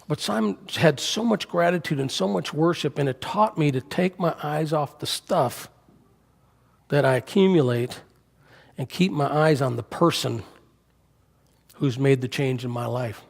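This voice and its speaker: A man's voice: on the high side, creaky, a little mellow. An older man preaching a storytelling sermon, speaking conversationally and asking the congregation questions, recorded in a church sanctuary. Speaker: guest preacher. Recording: reverberant church hall.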